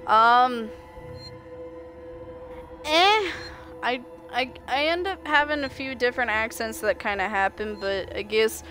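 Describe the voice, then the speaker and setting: A woman's voice: fairly high pitch, slow pace, long pauses, pushed and bright, faint music behind. A woman with a slight Southern US accent, chatting through a live-streamed game and talking back to it. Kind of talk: live-streamed gameplay commentary.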